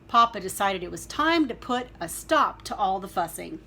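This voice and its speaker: A woman reading a children's picture book aloud, with gentle, chatty asides to young listeners. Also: mid-range voice, animated, moderate pace, creaky, husky.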